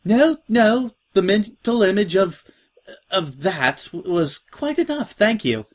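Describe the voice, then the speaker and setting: A man's voice: a little high, sing-song, measured pace, husky, pitched above the performer's own voice, exaggerated voice. A man doing a prim, timid young filly. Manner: polite, formal, tearful and hesitant.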